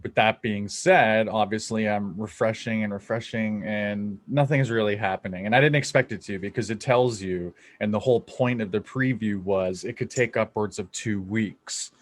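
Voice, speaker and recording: A young adult man from Canada hosting a podcast, talking in an excitable, rambling way and swearing freely. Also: lowish voice, normal speed, hardly any pauses, no echo. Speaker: podcast host. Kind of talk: casual podcast chat.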